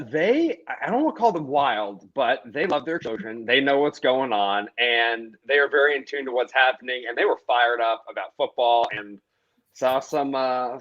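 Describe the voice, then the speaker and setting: This is a young man in his twenties telling relaxed anecdotes during a casual talk. His pitch is in an ordinary middle range. His audio is muffled and lo-fi, with its top end dulled. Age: 20s. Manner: easygoing storyteller, chuckles while telling anecdotes. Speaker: co-host. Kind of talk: casual storytelling chat.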